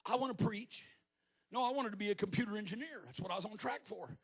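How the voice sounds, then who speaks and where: A man in his fifties preaching a sermon as a guest preacher at a church service, telling stories with joking asides and rising to shouted peaks. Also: high voice, expressive, very fast. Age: 50s.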